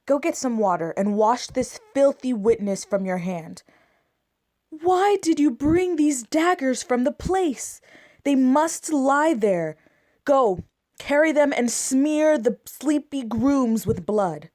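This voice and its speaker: A woman's voice: high voice, lively intonation, takes it slowly, a little mellow. A woman playing Lady Macbeth, a scornful, commanding noblewoman, in an amateur Shakespeare reading.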